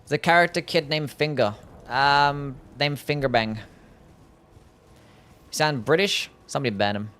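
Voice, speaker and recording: A man's voice: fairly high pitch, moderate pace, pauses often, a bit bright, clean tone. Laid-back man with a mild Australian accent. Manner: laid-back, easygoing, laughs often, loose with fillers. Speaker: game streamer. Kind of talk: casual livestream gameplay chat, reading chat aloud.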